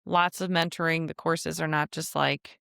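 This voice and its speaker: A woman's voice: low voice, little pitch movement, normal speed, creaky, a bit bright, smooth, no room sound, clean studio sound. A woman hosting her own podcast, talking in a rambling, chatty, self-deprecating way, her voice nasal and stuffy from allergies. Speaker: podcast host. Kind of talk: casual solo podcast monologue.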